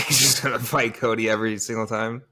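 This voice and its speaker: A man's voice: fairly low pitch, fairly even intonation, a little fast, pushed and bright. A man co-hosting a podcast in casual chat, laughing a lot and tossing in jokey asides. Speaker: podcast co-host.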